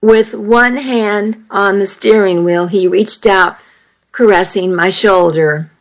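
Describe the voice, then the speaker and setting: A woman reading a first-person story aloud, slowly, evenly and carefully. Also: medium pitch, steady tone, poor audio. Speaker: narrator.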